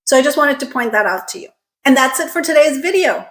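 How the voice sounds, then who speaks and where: A woman teaching an online pronunciation lesson, enunciating carefully, drilling sounds slowly and checking in with "okay?". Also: sits high, animated, a bit bright.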